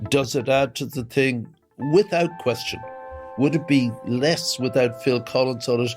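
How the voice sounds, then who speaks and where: A man's voice: mid-range voice, steady tone, measured pace. An older man with an Irish accent recalling events emphatically in an interview, asking questions and answering them himself. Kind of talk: reminiscing interview. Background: faint music.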